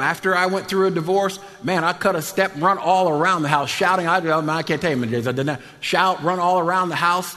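An older man preaches in an animated way, laughing and swinging from loud bursts to quiet asides. His voice sits fairly high for a man. Long reverb trails every line, as in a church sanctuary. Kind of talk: sermon.

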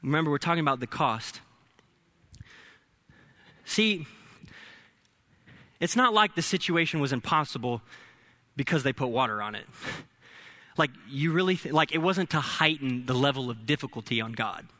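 A young adult man preaching a sermon as pastor, lively and humorous, building at times to shouting. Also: mid-range voice, moderate pace, pauses often. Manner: energetic preaching with humorous asides.

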